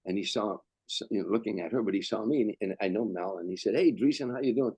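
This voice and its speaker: A low, steady, gravelly voice with a slightly mellow, breathy edge moves at a quick pace in a dry, rough recording. It belongs to an older male comedian telling anecdotes as a guest, rambling, repeating words, and restarting sentences.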